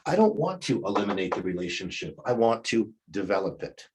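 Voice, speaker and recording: This recorded class lecture features a leadership coach in his fifties teaching in a conversational manner and acting out the replies he advises. He sounds fairly low-pitched, very animated, and fairly quick, against a noisy background.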